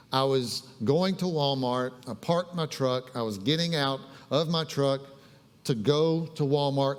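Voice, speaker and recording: A male pastor preaching a casual sermon, chatting with the congregation and telling stories in a conversational way. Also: mid-range voice. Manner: conversational, storytelling with audience asides. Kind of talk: casual sermon with live demonstration. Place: church sanctuary. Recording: long reverb of a church hall.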